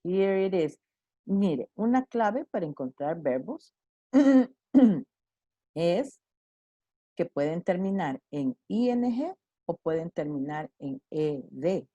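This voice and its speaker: Bilingual woman teacher, slow and dry. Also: lowish voice, expressive, warm tone, dry recording, lo-fi sound. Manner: switches between English and Spanish, encouraging; praises students by name. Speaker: English teacher. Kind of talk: online class teaching.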